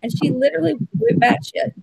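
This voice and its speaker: A woman with a high voice hosts a casual chat. She talks in a chatty, easygoing way and drops in laughing asides. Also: sing-song, fairly quick, vocal fry, a little mellow. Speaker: host.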